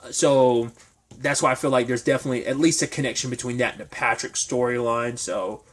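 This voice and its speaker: A man's voice: mid-range voice, fairly even intonation, a little fast. Rambling man recapping an episode. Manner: rambling, filler-heavy, speculative. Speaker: TV episode reviewer. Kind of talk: casual recap talk.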